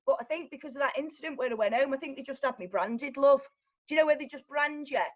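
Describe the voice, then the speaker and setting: A young woman talks in a blunt, animated way, swearing freely as she recounts events. Her voice sits a little higher than most. It is candid personal storytelling, not a performance. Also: fast talker, low-quality recording. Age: young adult. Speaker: guest.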